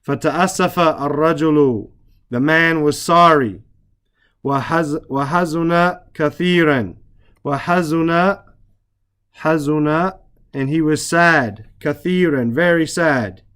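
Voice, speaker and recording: A man teaching Arabic reading, translating lines and explaining grammar slowly and patiently, repeating words and spelling out letters. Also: a little high, a bit bright, clean tone.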